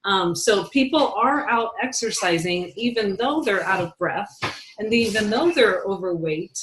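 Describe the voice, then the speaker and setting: A woman's voice: medium pitch, expressive, measured pace, roomy sound, background noise. A woman leading a casual team talk, telling chatty stories and laughing easily. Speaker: team leader.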